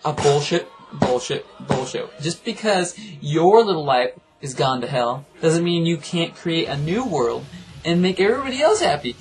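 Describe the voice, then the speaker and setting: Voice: medium pitch, lively intonation, moderate pace. An anime reviewer ranting casually in a rambling, profane, exasperated way.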